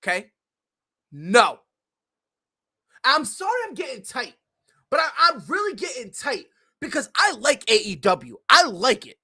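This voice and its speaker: Animated, swearing male podcast host. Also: very high voice, measured pace, long pauses, husky. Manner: profane, heated and opinionated, with frequent swearing. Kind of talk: casual ranting commentary.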